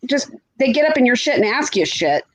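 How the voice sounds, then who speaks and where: Chatty woman with a slightly high, dry voice. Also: very animated, dry recording, poor audio. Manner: chatty, laughs often, quick short replies. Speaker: co-host. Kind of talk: casual chat.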